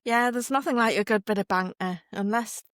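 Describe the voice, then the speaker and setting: A woman hosting a casual interview, friendly and quick to laugh. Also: fairly high pitch, fairly bright tone, no room sound, studio quality. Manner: giggly, friendly. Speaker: host.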